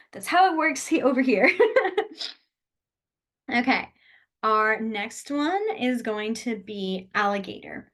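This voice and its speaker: Lady teaching signs over zoom, chatty, kinda high voice, laughs a lot, small room. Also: measured pace, pauses often, fairly bright tone. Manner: chatty, explains step by step, laughs often. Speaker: sign language teacher. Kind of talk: online class teaching. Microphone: video call.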